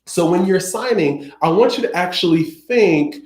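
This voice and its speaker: A man's voice: high voice, animated, moderate pace, darkish tone. A man teaching a sign language class, explaining in a conversational way with everyday examples. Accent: Southern American. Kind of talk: recorded class lecture. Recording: echoey room.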